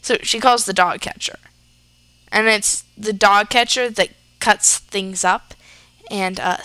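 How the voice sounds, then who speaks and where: A woman's voice: medium pitch, bright, forceful tone, clear, resonant tone, no echo. A young woman casually telling a gruesome story, rambling with fillers and restarts.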